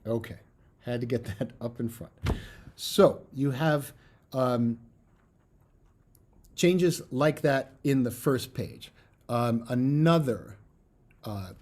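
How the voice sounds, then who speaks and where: Earnest man lecturing, mellow voice. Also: medium pitch. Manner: earnest, emphatic teaching with fillers. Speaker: bassoon professor. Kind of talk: recorded music lecture.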